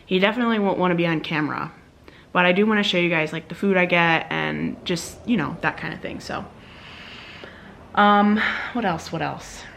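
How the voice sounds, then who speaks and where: A woman's voice: on the low side, fast, gravelly, fairly bright tone. Chatty young woman in an echoey room. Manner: bubbly and chatty, lots of fillers. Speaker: vlogger. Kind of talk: casual vlog chat. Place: home, indoors. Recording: echoey room, faint background noise.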